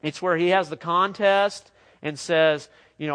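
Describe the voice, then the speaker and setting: A man preaching a sermon in a lively, conversational way with joking asides. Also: fairly high pitch, a little slow, smooth.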